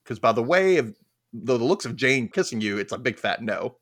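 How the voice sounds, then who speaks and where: A man hosts a casual podcast recap and acts out the characters' lines as he goes. His pitch swings widely and his delivery stays animated. He sits in the middle of the usual male range. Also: brisk, no echo, clean studio sound. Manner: animated, acts out scenes in quoted voices. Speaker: podcast host.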